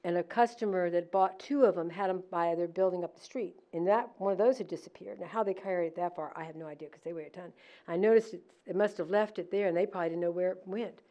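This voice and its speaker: Lively storytelling woman. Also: on the low side, quick pace. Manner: animated, laughing, acts out quoted lines. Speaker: decorator at a museum holiday event. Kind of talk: casual storytelling.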